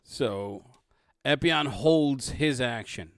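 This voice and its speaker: A man narrating a tabletop game as dungeon master, halting and full of restarts. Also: medium pitch, animated, no room sound, clean studio sound.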